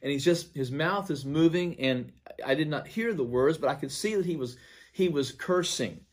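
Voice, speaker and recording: A man, a pastor, earnestly recounting a dream to viewers. He swings from emphatic to near-hushed. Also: a little high, moderate pace.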